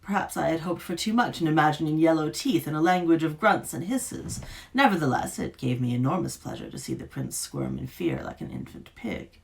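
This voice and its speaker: Woman author, live reading; gravelly, lively, dramatic delivery. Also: low-pitched, a little fast.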